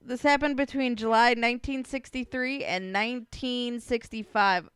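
A woman's voice: fairly high pitch, steady tone, normal speed, fairly bright tone, clean tone. A woman in her late twenties co-hosting a podcast, telling a story in a laid-back casual chat. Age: late 20s. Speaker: podcast co-host.

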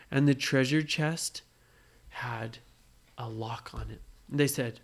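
A woman improvises a bedtime story for a child, with a low, animated voice. She keeps drawing the listener in with questions about what happens next. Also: slow pace.

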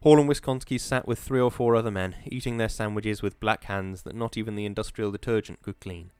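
A man reading an audiobook in a measured, atmospheric storytelling manner. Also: on the low side, steady tone, darkish tone, clean tone, no room sound, studio quality. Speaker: narrator. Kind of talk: audiobook narration.

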